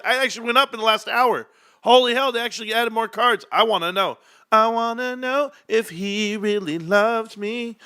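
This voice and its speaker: A middle-aged man hosting a livestream, ranting in a boastful, animated way with frequent laughs. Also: high voice. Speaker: stock livestream host. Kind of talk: excited stream rant.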